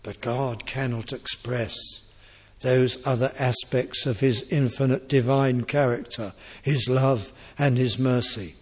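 Slow, husky man preaching a sermon. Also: mid-range voice, expressive. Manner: emphatic, rising to forceful peaks on key words.

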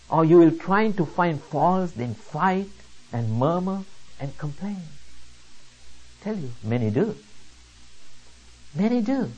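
A preacher gives a sermon at an unhurried, deliberate pace, leaning hard on each point with rhetorical questions. The voice sits in a middle register. The recording sounds muffled and lo-fi. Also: mid-range voice, very animated, a little mellow, husky. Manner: slow, emphatic, rhetorical questions.

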